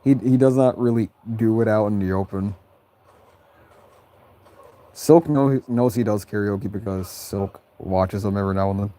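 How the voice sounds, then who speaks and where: Male streamer, laid-back Q&A, stumbles and restarts lines, frequent giggling. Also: mellow. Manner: giggly, breaks into high laughter often; halting, repeats and restarts phrases. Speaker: creator answering viewer questions. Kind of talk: casual livestream chat.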